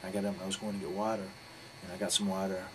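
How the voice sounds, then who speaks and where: This interview guest, a pro wrestler, talks very fast in a deep voice while telling a blunt, profane story that rambles along. The recording carries steady background noise.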